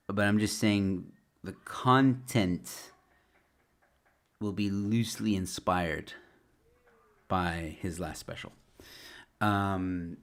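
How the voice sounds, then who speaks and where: A man, a stand-up comedian, chatting casually on a home livestream, rambling with lots of fillers and restarts. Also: deep voice. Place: his home. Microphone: webcam or desk mic at home.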